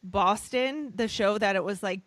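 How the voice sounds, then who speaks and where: A woman's voice: medium pitch, measured pace, no room sound. Enthusiastic woman host, dry close sound. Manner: enthusiastic, rambling questions. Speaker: podcast host. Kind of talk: conversational interview.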